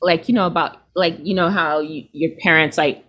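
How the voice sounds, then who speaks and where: Speaking at an ordinary pace, a deep-voiced woman in her thirties chats animatedly as a guest in an interview. She laughs a lot and mimics others, quoting their words in exaggerated voices.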